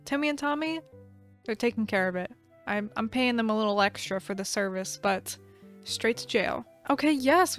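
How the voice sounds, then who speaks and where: Chatty giggly young woman gamer. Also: fairly high pitch. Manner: chatty and giggly, rambling asides, playfully scolds game characters. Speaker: gaming channel host. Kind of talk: casual gameplay commentary. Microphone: desk microphone.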